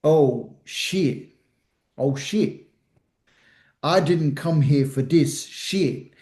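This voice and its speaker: A cursing, exasperated older male rapper, impersonated by an Australian man, grumbling that he got dragged into something he never asked for. The delivery sits a bit high for a man and is indignant. The recording is roomy and echoey. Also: drawn-out words, a little mellow. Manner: swearing, indignant impression.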